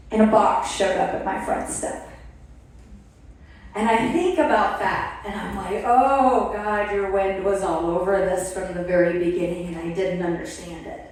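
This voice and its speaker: A woman speaking to an event audience, telling her own story with animated play-acting of her past reactions. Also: medium pitch. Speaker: speaker at a wellness product event. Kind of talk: motivational testimonial talk to an audience. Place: event hall. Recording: echoey room, voice from far off the mic.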